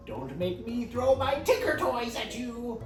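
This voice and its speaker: A man's voice: extremely high pitch, lively intonation, a little slow, voice pushed up. A man voicing a demanding, spoiled baby boy who orders his father around in a haughty way. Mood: bossy. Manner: haughty, ordering people about. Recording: roomy sound from a distance with music.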